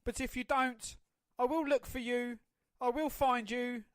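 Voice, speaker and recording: A man's voice: very high-pitched, fairly even intonation, clean tone, dry recording, voice pushed up. A man doing a grim, menacing movie hero. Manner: slow, menacing, deliberate delivery. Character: grim middle-aged man making cold threats.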